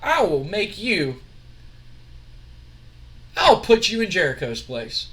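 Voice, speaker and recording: A man voicing a scheming young male wrestling executive who talks in a smooth, wheedling way. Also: high-pitched, wildly swooping pitch, takes it slowly, fairly bright tone, heavily acted.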